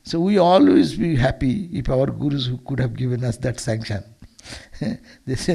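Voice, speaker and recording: A man's voice: medium pitch, lively intonation, moderate pace, vocal fry, warm tone, slightly rough. A man, a monk, giving a Sunday lecture as a storytelling sermon, earnest and often restarting or repeating words.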